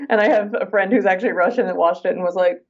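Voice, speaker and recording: Chatty laughing actress, dull lo-fi sound. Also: female voice, mid-range voice. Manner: chatty, laughs often, quick asides. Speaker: actress and guest. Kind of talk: casual interview chat.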